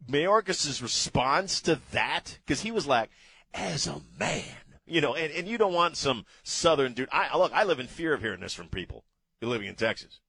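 A man's voice: mid-range voice, bright, forceful tone, husky, no echo. A man from Maryland hosting a talk radio show, rambling and emphatic with plenty of fillers. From Maryland, USA. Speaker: radio host.

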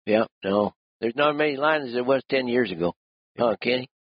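Folksy old-timer spinning a hunting yarn. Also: male voice, mid-range voice, brisk, husky. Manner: folksy, laughing, drawling rural talk. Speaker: rancher and lion hunter. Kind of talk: casual storytelling. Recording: dull lo-fi sound.

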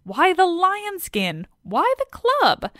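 A woman's voice: very high voice, huge pitch swings, takes it slowly, a bit bright, no room sound, studio quality, pitched above the performer's own voice, full character voice. Woman doing a teasing older hero. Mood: mocking. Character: mocking older male hero, amused.

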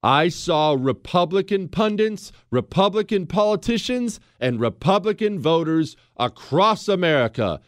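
A man's voice: high voice, expressive, a little slow, few pauses, no echo, studio quality. A man hosting a political commentary show, delivering a sarcastic, combative monologue straight at the listener. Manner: mocks others with put-on quoting voices. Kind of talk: ranting monologue.

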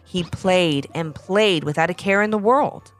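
A woman host narrating a children's story in an expressive, animated way. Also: on the low side, measured pace, soft background music.

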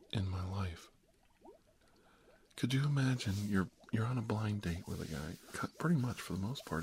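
A man telling a rambling comic story in an animated, wry way, with hushed, whispery asides and many repeated words. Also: fairly low pitch. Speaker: comedic monologist.

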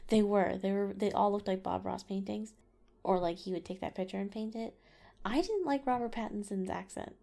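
A woman's voice: medium pitch, moderate pace, vocal fry, dark tone. A woman co-hosting a casual movie review podcast, chatty and laughing easily, with lots of "like". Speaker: podcast co-host.

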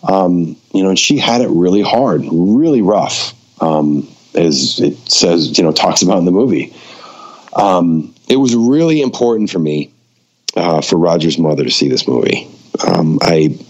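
Deep-voiced man telling a story. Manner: animated storyteller who acts out quoted dialogue; frequent fillers and restarts. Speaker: filmmaker. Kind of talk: casual anecdote-telling in a conversation. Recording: dull lo-fi recording.

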